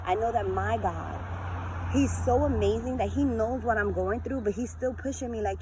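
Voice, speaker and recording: A woman in her forties giving an earnest, lively motivational talk to her followers in a vlog. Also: on the high side, moderate pace, slight background noise, poor audio. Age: 40s. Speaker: vlogger.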